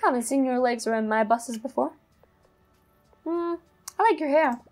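A woman's voice: high-pitched, normal speed, darkish tone, soft background music. A woman voicing a friendly, talkative male bus depot keeper in a game. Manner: friendly, chatty.

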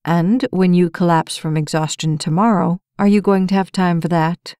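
A steady, soft-spoken male firefighter, as a woman narrator voices him in a romance audiobook. His voice sits low and hushed, calm and quietly coaxing. It sounds close and dry. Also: normal speed, clean tone, no room sound, natural voice. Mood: gentle. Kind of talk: audiobook character voice.

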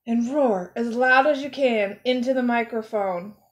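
A woman's voice: fairly high pitch, a little slow, close to an everyday voice. A woman voicing a bossy male lion teacher who is hard to impress, giving blunt instructions in a storybook reading. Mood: instructive. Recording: roomy echo.

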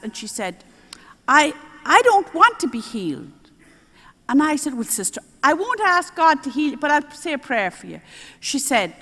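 A high, bright older woman with an Irish accent, preaching in an animated, homely storytelling manner. Her voice rises and falls widely as she acts out the people in her stories. A long reverb from a large hall trails after her words. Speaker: nun preaching at a healing service. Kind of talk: storytelling sermon.

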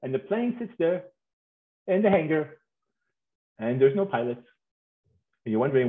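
Animated high-voiced man in echoey room. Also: normal speed. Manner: animated, playful, acts out voices and laughs often. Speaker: speaker on marriage. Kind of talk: humorous conference talk. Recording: tinny phone-like sound in an echoey room.

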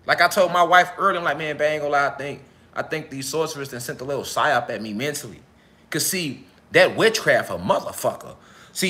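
A man's voice: high-pitched, pushed and bright. A man giving an unscripted live speech to his followers, heated and profane, with lots of repetition and street slang. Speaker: self-styled spiritual speaker.

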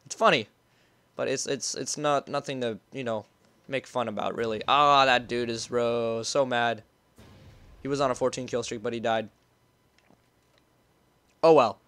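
A man giving rambling, excitable gameplay commentary, gasping and yelling as the game turns tense. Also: mid-range voice, a little slow, pauses often, clean tone, no echo. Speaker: gaming YouTuber.

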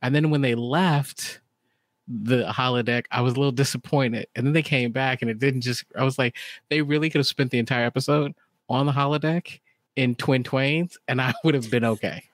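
A man's voice: medium pitch, fairly even intonation, normal speed, dry recording. A man co-hosting a podcast in casual chat, rambling and restarting his sentences as he quotes his own reactions. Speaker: podcast co-host.

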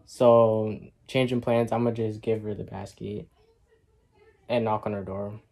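A man's voice: fairly low pitch, level tone, a little slow, vocal fry, darkish tone, no echo. A young man vlogging casually outdoors at night, nervous and emotional, with slangy chatty talk. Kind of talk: casual vlog. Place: outdoors at night near cars. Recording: noisy outdoor street ambience.

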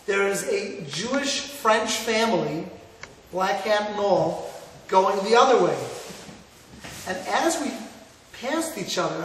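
A middle-aged rabbi from Cleveland giving an earnest sermon, telling stories and mixing in Hebrew and Yiddish words. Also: male voice, sits high. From Cleveland, Ohio, USA. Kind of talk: sermon to a live audience. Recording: echoey hall, mic far off, faint noise.

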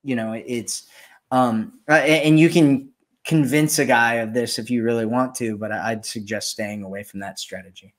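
A man hosting a relaxed conversation about dating, speaking with loose restarts and lively turns when he acts out what others say. His pitch sits in a middle range. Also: moderate pace. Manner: animated, acts out quoted voices. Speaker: dating coach and host. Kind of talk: casual advice chat.

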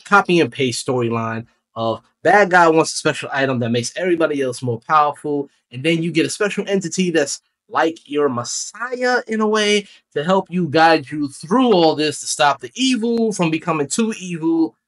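A man's voice: fairly high pitch, animated, moderate pace, few pauses, fairly bright tone. A young man casually reviewing a video game as a channel host, chatty and rambling, correcting himself as he goes. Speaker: gaming YouTuber.

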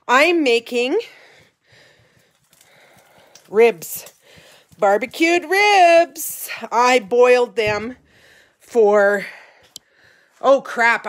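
A woman's voice: on the high side, a bit bright. A middle-aged woman talking casually to her vlog viewers from her kitchen, rambling and a little teary. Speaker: vlogger, ranch owner. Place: home kitchen.

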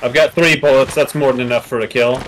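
A man's voice: mid-range voice, steady tone, quick pace, slight background noise, poor audio. A man in voice chat trading easygoing quips and calling out hits while playing. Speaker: teammate in voice chat. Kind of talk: casual gaming chat.

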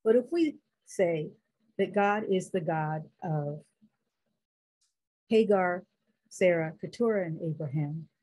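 A middle-aged woman, a biblical scholar guesting on an interview, speaking in an emphatic, teacherly way and listing names in a measured cadence. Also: on the low side, animated, warm tone, rough recording.

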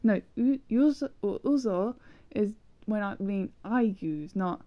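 Playing a language-learning game, a woman who makes gameplay videos rambles through self-deprecating commentary, frequently hesitating and letting sentences trail off. Her voice is mid-range, expressive, and slow, recorded with no room sound and the highs cut off.

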